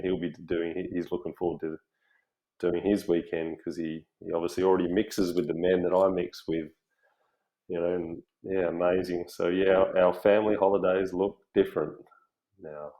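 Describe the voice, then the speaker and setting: Deep-voiced man, relaxed. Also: low-quality recording. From Australia. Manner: relaxed, reflective, many fillers. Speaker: interview guest. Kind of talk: casual conversational interview.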